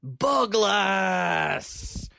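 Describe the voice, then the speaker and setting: A man's voice: sits high, expressive, slow, pitched above the performer's own voice. A man voicing a tiny, fierce male warrior bug with a Scottish accent who bellows his own name as a battle cry.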